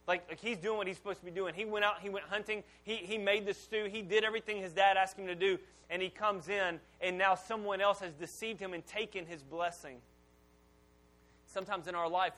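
A man's voice: fairly high pitch, a bit bright. A man preaches a sermon. He tells the story in a folksy, casual way and acts out the characters' dialogue. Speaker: pastor.

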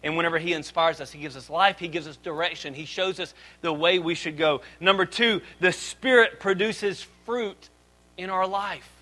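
A man in his thirties preaching a sermon as pastor, swinging between loud emphatic lines and quiet asides. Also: a little high, moderate pace, rough recording.

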